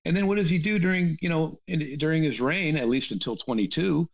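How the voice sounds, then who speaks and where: A man talking in a casual, animated rant, with lots of restarts and asides. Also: on the high side, fairly quick, gravelly. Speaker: podcast guest. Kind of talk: casual ranting conversation. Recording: dull lo-fi sound.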